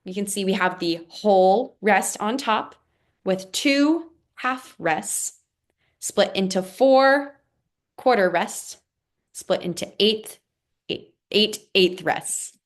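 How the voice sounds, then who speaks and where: A woman's voice: medium pitch, animated, slow. A woman teaching a music lesson, patiently explaining rhythms and counting them out aloud.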